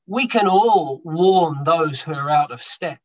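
A man's voice: on the high side, expressive, slow, lo-fi sound. A man preaching a sermon to his congregation, emphatic, swelling and dropping his volume for stress. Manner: emphatic, rises and drops in loudness for stress.

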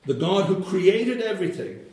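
A man preaching a sermon, slow and emphatic, repeating phrases for weight. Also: high-pitched, sing-song, mellow. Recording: very echoey room.

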